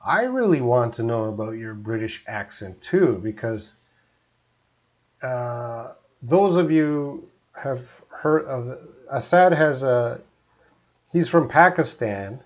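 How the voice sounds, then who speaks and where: Canadian man, English teacher, live-stream lesson, chatty, mid-pitched voice, slightly dull lo-fi audio. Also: expressive, slow. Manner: chatty, reads viewer comments aloud.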